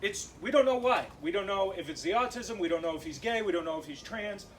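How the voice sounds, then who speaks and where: A young man from Massachusetts doing a stand-up set in a comedy club, animated and punchy, with laughing asides. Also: high-pitched, quick pace, far from the mic, a little hiss or hum, low-quality recording.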